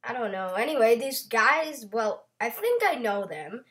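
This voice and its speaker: A woman's voice: on the high side, big pitch swings, measured pace, a bit bright. A young woman casually chatting while playing a block-building game, playful and a bit self-conscious. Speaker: Minecraft channel host. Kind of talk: casual gameplay chat.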